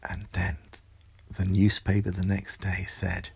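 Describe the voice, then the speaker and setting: A man telling a bedtime story in a soft, hushed, often whispered voice. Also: sits low, completely flat delivery, slow, gravelly, slightly rough, dry recording.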